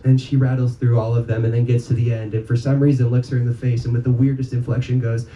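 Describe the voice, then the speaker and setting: A man's voice: medium pitch, little pitch movement, fast talker, hardly any pauses, mellow. A man from North Dakota telling a story live to an audience, casual and rambling, full of ums and swearing. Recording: echoey live room from far off, noisy.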